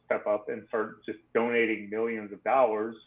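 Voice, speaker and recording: A man's voice: fairly low pitch, level tone, normal speed, roomy sound. A man co-hosting a casual sports podcast, laid-back and opinionated with joking asides. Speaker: podcast co-host. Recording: tinny phone-like line.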